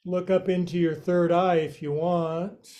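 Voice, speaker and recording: Playful, soft-toned yoga teacher man. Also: sits high, level tone, a little slow. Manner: playful, jokey instruction with silly sound effects. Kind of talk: guiding a yoga class.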